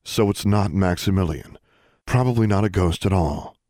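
A man voicing a calm woman commander. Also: low voice, dry recording, studio quality, close to an everyday voice. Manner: quiet and measured. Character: calm, firm female security commander.

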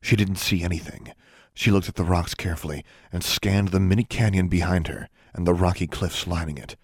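A man narrating an audiobook in a steady, even storytelling manner. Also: deep voice, fairly quick, husky, dry recording, clean studio sound. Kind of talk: scripted narration.

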